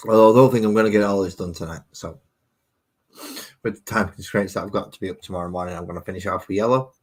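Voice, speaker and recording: A man with a low, husky voice paints miniatures on a live stream from his home hobby desk. He rambles casually and talks straight to his chat viewers as he works. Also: steady tone, a little fast, long pauses.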